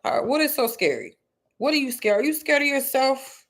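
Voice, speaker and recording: Here a woman who makes spiritual content chats casually with her livestream audience, swearing bluntly, using lots of slang and saying things twice to drive them home. She speaks high and with lively intonation at a moderate pace, and there's a little background noise.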